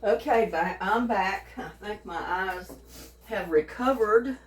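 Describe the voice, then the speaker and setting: A woman's voice: medium pitch, slow. A woman chatting homily to viewers while cooking, heard through a camera mic set back in her home kitchen. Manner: chatty, homey, addresses viewers directly. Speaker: home cook vlogger. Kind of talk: casual cooking demonstration. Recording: echoey kitchen, distant noisy mic.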